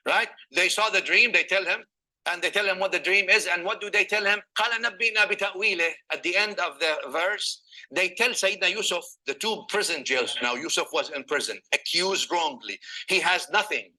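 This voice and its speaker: A man's voice: high-pitched, normal speed, sharp tone, rough recording. A man preaching a sermon, telling stories and reciting Arabic scripture between English explanations, often asking the listeners rhetorical questions. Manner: asks the audience rhetorical questions.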